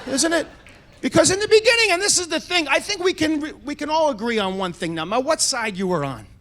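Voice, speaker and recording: A brash, middle-aged American stand-up comedian performs a set on a comedy club stage, his high voice fast and very animated. He tells profane stories and shouts his punchlines.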